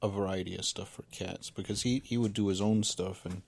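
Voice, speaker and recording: A man's voice: low-pitched, steady tone, fairly quick, gravelly, darkish tone, slight background noise. A man co-hosting a casual talk show, rambling with lots of fillers and restarts. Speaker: podcast co-host. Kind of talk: casual chat.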